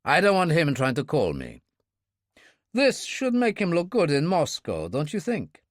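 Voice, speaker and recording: A man's voice: a little high, huge pitch swings, a little slow, no echo, clean studio sound, voice pushed up. A man voicing a cold, calculating male Russian agent who speaks curtly and with control.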